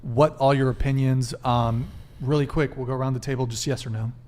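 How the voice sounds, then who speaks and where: A man's voice: medium pitch, fairly even intonation, brisk, a little mellow. Man hosting a live dating panel. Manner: reads viewer messages aloud and questions guests. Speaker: host.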